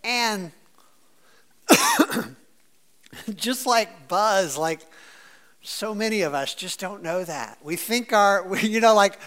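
A male pastor with a high voice preaching a sermon. He talks in an easy, chatty way, full of fillers, and now and then acts out voices to make a point. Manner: conversational and animated, with many fillers; playfully acts out quoted voices.

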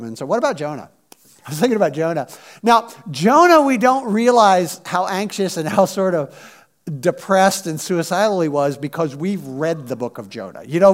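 A man preaching a sermon in a conversational, animated way, acting out quotes from scripture. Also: on the high side. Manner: conversational, animated, acts out biblical quotes in voices. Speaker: pastor.

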